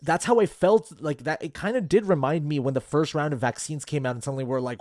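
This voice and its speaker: A man's voice: on the high side, fast, no room sound, studio quality. A man co-hosting a casual movie podcast, rambling with lots of fillers. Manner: animated, rambling with many fillers. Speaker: podcast co-host.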